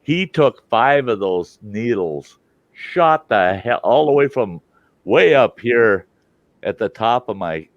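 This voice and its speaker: A man's voice: medium pitch, dry recording, muffled recording. An older man hosting, telling a personal story in a casual way and acting out the voices of the people in it. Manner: animated, acts out quoted voices. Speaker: storytelling host.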